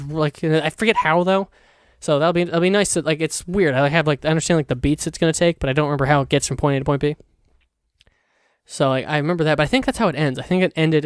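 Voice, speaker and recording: A man's voice: fairly high pitch, clear, resonant tone, no room sound. Rambling young man on a dry mic. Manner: rambling, full of "like" and restarts; chatty, swears casually. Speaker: podcast host. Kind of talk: casual solo podcast chat.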